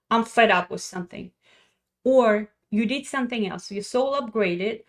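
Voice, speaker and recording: A middle-aged woman, a wellness coach giving a blunt, profane motivational talk. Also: mid-range voice. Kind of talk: motivational monologue.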